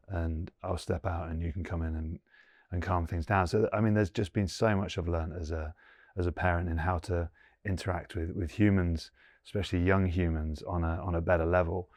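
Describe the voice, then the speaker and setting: In a reflective interview, a former rugby player in his forties from England speaks earnestly, working through his thoughts aloud with plenty of fillers. His low voice has a darkish tone, captured in clean studio sound without any room reverb.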